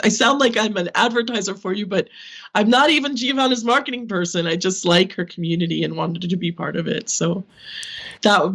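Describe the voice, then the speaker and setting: A woman in her fifties from Brooklyn, a podcast guest speaking candidly and animatedly with frequent laughs. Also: fairly low pitch. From Brooklyn, New York, US. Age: 50s. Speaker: podcast guest, social media consultant. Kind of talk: candid interview conversation.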